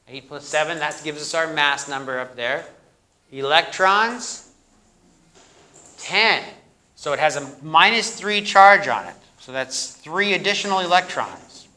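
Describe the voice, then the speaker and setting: Male lecturer, bright forward tone, slightly high; interactive classroom style, quizzing and joking. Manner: questions the class and echoes their answers; jokey, plays up corny jokes. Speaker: university biochemistry lecturer. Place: lecture hall.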